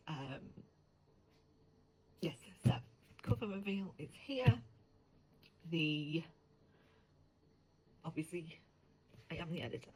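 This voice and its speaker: A woman's voice: sits low, slight background noise, rough recording. A woman book editor in a casual vlog who talks animatedly, swears freely and often drops into whispers. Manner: animated, profane, slips into whispers.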